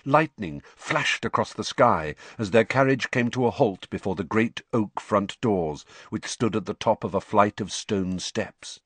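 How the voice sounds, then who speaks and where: A man reads a novel aloud in a lowish voice that rises and falls with lively expression. His pacing is measured and deliberate, and the recording is close and dry with no room sound. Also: husky, no room sound. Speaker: audiobook narrator. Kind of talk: scripted narration.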